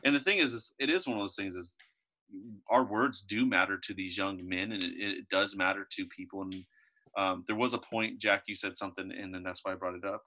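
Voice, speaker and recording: A man's voice: low voice, fairly even intonation, a little fast, pushed and bright. A man in his thirties co-hosting a casual faith-based chat, telling a story and acting out the lines he quotes. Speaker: podcast co-host.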